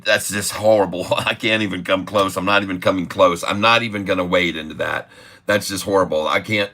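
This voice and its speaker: A man hosting a live trading stream who rambles excitedly and laughs often. His voice sits a little low but sounds bright and forceful. He talks in an offhand way to his viewers. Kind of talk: live stream chart commentary.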